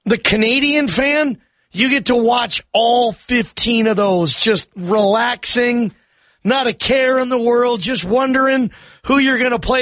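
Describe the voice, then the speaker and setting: A man hosting a call-in sports radio show, excitable and joking, with a slangy manner. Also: extremely high pitch, measured pace, dry recording. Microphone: studio microphone.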